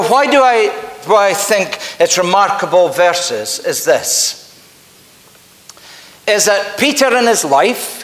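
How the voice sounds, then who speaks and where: A Scottish pastor delivers a sermon in church with earnest, emphatic storytelling, his voice high and a touch bright. The recording, made in the church sanctuary, carries the long reverb of an echoey hall.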